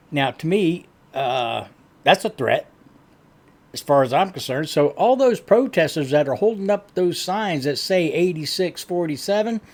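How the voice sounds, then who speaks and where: A man hosting a reaction channel, giving blunt, opinionated commentary in a conversational way. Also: fairly high pitch.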